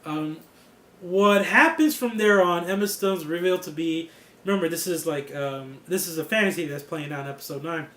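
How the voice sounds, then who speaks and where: Excitable, high-voiced man reviewing a show. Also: reverberant. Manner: excitable, laughs often, swears freely. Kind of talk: casual review monologue.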